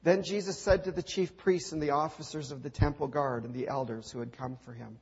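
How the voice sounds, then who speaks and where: A man's voice: on the high side, fairly even intonation, a little fast, slightly rough. A male preacher retelling a scripture story dramatically, with rhetorical questions and repeated refrains. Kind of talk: sermon. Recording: dull lo-fi recording.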